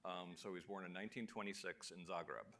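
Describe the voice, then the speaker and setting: A middle-aged man speaking as a guest onstage, halting and full of restarts and repeated words. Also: low voice, pushed and bright. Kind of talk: onstage conversation. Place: lecture hall before a live audience.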